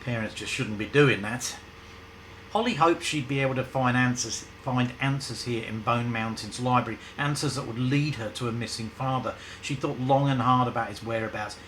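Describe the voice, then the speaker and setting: A man's voice: mid-range voice, bright, forceful tone, low-quality recording. A male storyteller with a mid-range voice who reads his story loosely and keeps stepping out of it for chatty asides. There is faint background noise behind him. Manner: chatty, breaks off into asides and laughs. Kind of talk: casual story reading with asides.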